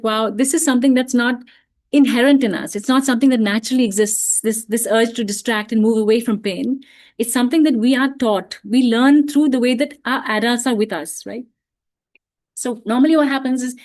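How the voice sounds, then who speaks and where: On a video call for an online parents' talk, a woman with a fairly high voice explains things gently and reflectively, often saying "you know" and starting her sentences over.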